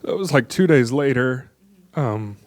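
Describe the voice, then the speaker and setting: A young man speaking to an audience as a parent, in a halting, hesitant way with many ums. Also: medium pitch, expressive, a little mellow. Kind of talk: personal speech at an event.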